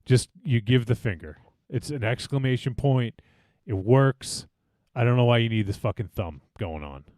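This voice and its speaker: A man's voice: mid-range voice, normal speed, no echo, studio quality. A man hosting a podcast, bantering casually with plenty of swearing and laughter. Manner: animated, swearing, laughs often. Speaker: podcast host.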